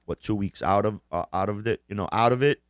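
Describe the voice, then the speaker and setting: A man's voice: fairly low pitch, quick pace, no room sound, studio quality. A man co-hosting a casual podcast chat, swearing constantly and rambling, often laughing as he mimics people. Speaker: podcast co-host.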